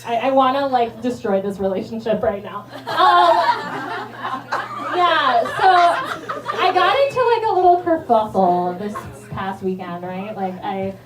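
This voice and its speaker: A woman's voice: fairly high pitch, unhurried. A woman performing a stand-up comedy set, rambling and self-mocking with lots of fillers, laughing at her own jokes. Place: small bar venue with live audience. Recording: echoey bar recording from far off, loud crowd.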